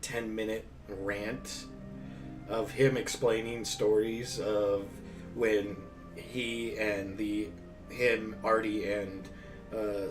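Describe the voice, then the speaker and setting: A man's voice: lowish voice, recorded from a distance. A man narrating as game master in casual, profane, joking chat.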